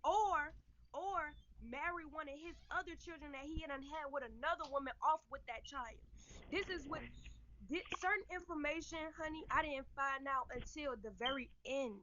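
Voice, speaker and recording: A woman's voice: high-pitched, moderate pace, highs cut off, noisy background. A woman telling her story emphatically and indignantly, often quoting what was said to her. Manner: emphatic, indignant, quotes others. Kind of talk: emotional storytelling.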